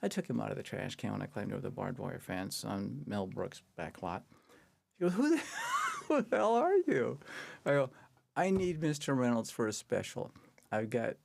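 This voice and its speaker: A gravelly, fairly low male voice swings hugely in pitch while keeping a moderate pace. The speaker, an older podcast guest, chats casually through a long anecdote, chuckling as he talks and performing quoted lines in a louder voice.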